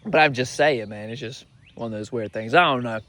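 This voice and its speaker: A young man doing a crude, brash comedy monologue with loud punchlines. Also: medium pitch, brisk, no echo. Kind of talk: stand-up style comedy monologue.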